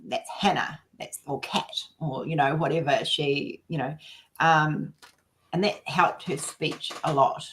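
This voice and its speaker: Rambling woman, slightly low voice. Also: fairly even intonation, measured pace, a bit bright, slight background noise. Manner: rambling and anecdotal, acts out what others said. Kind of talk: casual chat.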